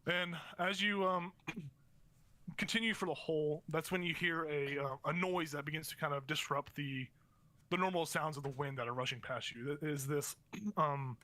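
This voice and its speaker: A man's voice: on the high side, moderate pace, pushed and bright. A young man running a tabletop game as game master, narrating in a rambling way with many fillers and restarts.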